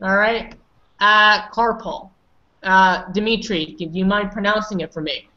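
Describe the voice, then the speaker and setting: A woman leads an online pronunciation lesson, patiently correcting and prompting her students. She speaks at a mid pitch. The sound is dull and lo-fi, like a video call. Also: normal speed, pushed and bright, a little hiss or hum. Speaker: English pronunciation teacher. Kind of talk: online class instruction.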